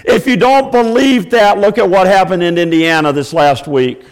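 Pastor guy preaching, high voice, hams up wailing bits, long church echo. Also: moderate pace, clear, resonant tone. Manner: preaching with acted outbursts of mock wailing. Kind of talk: sermon.

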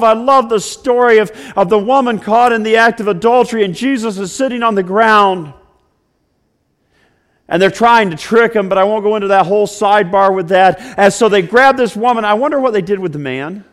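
A male pastor preaching a sermon, swinging from loud declarations to hushed, slow storytelling. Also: high voice, lively intonation.

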